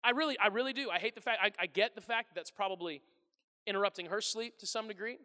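A man in his thirties, a pastor telling funny stories about his family in a sermon, animated and self-deprecating, acting out his household's voices. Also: sits high, fast talker, long reverb tail. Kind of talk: humorous sermon storytelling. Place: large church hall before a congregation.

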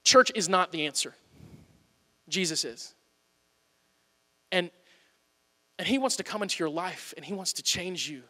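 A man preaching a sermon in a church, earnest, moving between loud urging and quiet pleading. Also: high voice, expressive, a little slow, pauses often, big-room sound. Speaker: pastor. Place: church auditorium.

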